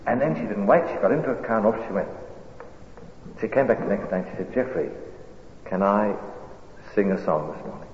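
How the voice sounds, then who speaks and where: A man preaching a sermon, telling a story with animated, swelling delivery. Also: on the low side, brisk, long pauses. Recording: echoey hall, dull lo-fi sound, faint hiss.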